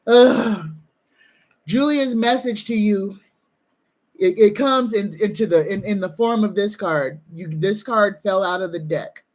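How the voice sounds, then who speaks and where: A woman psychic medium giving an earnest, soothing live-stream reading, at times moved to the edge of tears. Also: medium pitch. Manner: slow, earnest, soothing, emotional. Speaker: psychic medium and tarot reader.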